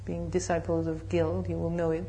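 A woman nun giving a dharma talk, humorous and animated, with a slightly low voice. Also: moderate pace, slight background noise. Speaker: Buddhist nun and meditation teacher.

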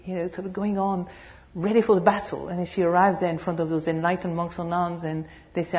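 A woman nun giving a dharma talk, humorous and animated, with a slightly low voice. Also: fairly quick. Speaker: Buddhist nun and meditation teacher.

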